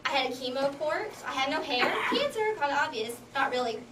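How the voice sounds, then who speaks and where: A young woman giving a humorous contest speech, telling stories in an animated way and laughing often. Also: sits high, fairly quick. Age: young adult. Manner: animated storytelling with bursts of laughter. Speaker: contest speaker. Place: hall with audience. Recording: echoey hall from far off, noisy.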